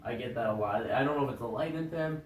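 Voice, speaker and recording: A hoarse man who is losing his voice, co-hosting a casual podcast and telling stories lively, acting out what others said. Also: medium pitch, quick pace. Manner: animated storyteller who acts out quotes. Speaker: podcast co-host. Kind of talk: casual chat. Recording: echoey room, distant mic, faint hum.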